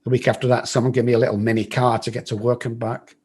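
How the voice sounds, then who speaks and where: Husky-voiced English man telling his story. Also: mid-range voice, level tone, fast, darkish tone. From England. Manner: blunt, swears freely, acts out other people's lines. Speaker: guest. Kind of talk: storytelling in an interview.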